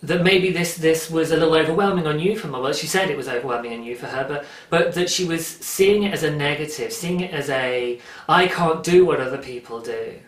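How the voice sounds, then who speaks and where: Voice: mid-range voice, brisk, hardly any pauses. Podcast host giving earnest encouraging advice, sounds a bit far off in an echoey room. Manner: earnest and encouraging, with frequent restarts and laughs. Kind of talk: casual solo podcast monologue. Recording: roomy, distant from the mic.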